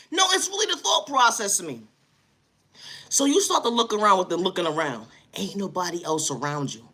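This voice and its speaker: A woman with a New York City accent telling a comedic story as an animated, slangy, exasperated rant full of repeated catchphrases. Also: mid-range voice, fairly quick, slightly rough.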